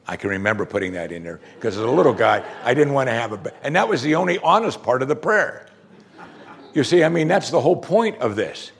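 A man's voice: medium pitch, sing-song, a little fast, vocal fry. A man preaching a sermon, teaching through scripture and getting emphatic at times. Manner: teaching, rising to emphatic outbursts. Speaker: pastor.

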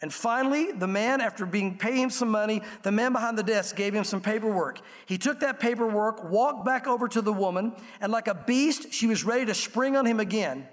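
A man preaching a sermon, telling an illustration story earnestly and slowing down for the emotional parts. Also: high-pitched. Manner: earnest storytelling, slows and softens for emotional quotes. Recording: long reverb of a large room.

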